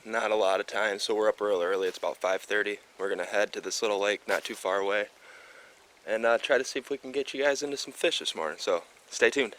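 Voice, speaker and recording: A laid-back man from Michigan with a somewhat low voice, chatting casually to his camera as he heads out fishing. He talks loosely, with plenty of "uh"s. Faint outdoor noise sits under the rural lakeside recording. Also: fast. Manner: easygoing, chatty, many fillers. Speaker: fishing show host. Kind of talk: casual outdoor vlog chat.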